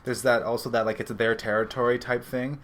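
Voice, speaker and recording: A man's voice: mid-range voice, level tone, brisk, fairly bright tone. A man in his thirties co-hosting a podcast, enthusiastic and joking. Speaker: podcast co-host. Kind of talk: casual chat.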